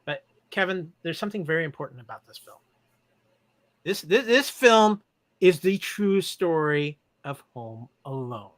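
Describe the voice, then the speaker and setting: A man's voice: a little high, animated, unhurried, a bit bright, no room sound. A man co-hosting a podcast, talking about movies with playful sarcasm. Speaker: podcast co-host. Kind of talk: casual chat reviewing movies.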